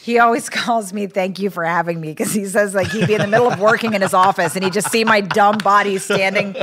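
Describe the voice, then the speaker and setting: Woman comic guest, thirties, lively storyteller, bursts into acted-out voices, casual podcast chat. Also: medium pitch, quick pace. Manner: animated storyteller, acts out quoted voices, laughs often. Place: bar lounge.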